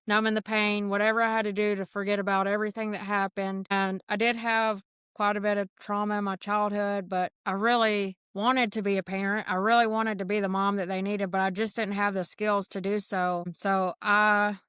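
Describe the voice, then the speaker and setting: A woman from tells her life story with a very smooth, clear voice. She speaks frankly and earnestly, slipping into the voices of people she quotes. The recording is dry and close, with no room sound. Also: mid-range voice, fairly bright tone, no room sound. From north Georgia, USA. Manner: emotional, earnest. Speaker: podcast guest. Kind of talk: candid personal testimony.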